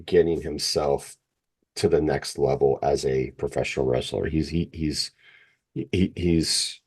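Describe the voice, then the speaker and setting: Deep husky middle-aged man, halting. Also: steady tone. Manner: halting, repeats words, plain-spoken. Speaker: podcast co-host. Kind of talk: casual wrestling chat, reading results.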